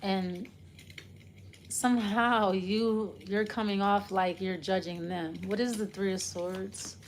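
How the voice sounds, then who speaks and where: A tarot reader gives a casual, loose reading, rambling and trailing off as she talks it through. Her mid-range woman's voice is steady and slow, with a little hiss or hum in the recording.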